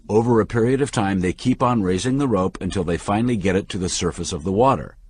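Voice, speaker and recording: A man reading the part of a calm, patient manager who explains ideas to a younger man with lively emphasis. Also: deep voice, breathy edge, no echo. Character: calm middle-aged male manager, patient teacher.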